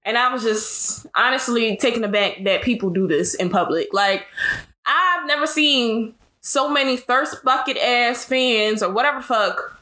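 A woman's voice: on the high side, moderate pace, bright, forceful tone. A young woman co-hosting a podcast, chatting in slangy casual talk and telling a story with frequent laughs. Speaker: podcast co-host. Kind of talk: casual chat.

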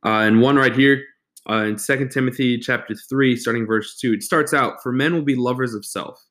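A man's voice: mid-range voice, normal speed, a bit bright. A young man co-hosting a faith podcast, talking casually with many restarts and fillers. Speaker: podcast co-host.

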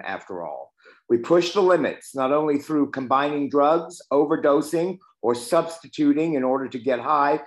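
A man in his sixties, reading aloud and then sharing candidly, with some profanity, about his own recovery. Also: medium pitch. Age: 60s. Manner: candid, profane, self-deprecating. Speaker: recovery meeting member sharing.

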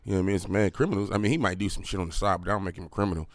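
A man's voice: sits low, steady tone, racing, no echo. A young man hosting a podcast, talking in a rambling, profane, casual way with lots of fillers and restarts. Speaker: podcast host.

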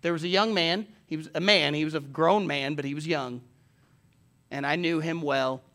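Man, high-pitched voice, pastor, sermon, emphatic, church. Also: fairly even intonation, normal speed. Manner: emphatic preaching, swings from hushed to loud.

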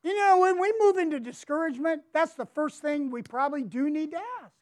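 A woman's voice: high-pitched, brisk. A woman giving a devotional Bible teaching. She is emphatic, repeats her words, asks rhetorical questions and reads scripture aloud with feeling.

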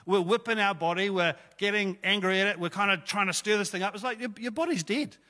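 A man preaches a casual sermon from a church stage, talking to his listeners like friends and slipping in jokes. His voice sits high and bright for a man. A long reverb from the hall trails after his words. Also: fast talker. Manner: chatty, jokey, conversational preaching. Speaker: pastor. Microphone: stage microphone.

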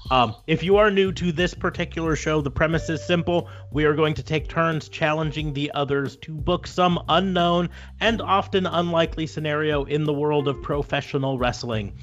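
A man's voice: a little high, moderate pace, lo-fi sound. An American man hosting a wrestling podcast, joking around in loose casual chat with lots of fillers. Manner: jokey, loose, with many fillers. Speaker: podcast host.

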